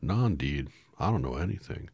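A man voicing a friendly, naive talking scarecrow with a husky voice in a read-aloud storybook. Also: extremely low pitch, animated, a little fast, a little mellow, dry recording, studio quality, full character voice. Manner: cheerful, polite, naive. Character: friendly talking male scarecrow, simple and polite.

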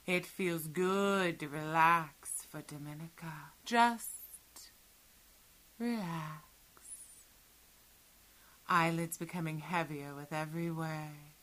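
A woman in a whispered role-play speaks with a slightly low, tense, bright voice. She draws out each soothing, commanding instruction at a very slow pace. Her voice often slips into breathy whispers. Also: fairly even intonation. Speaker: hypnosis audio performer.

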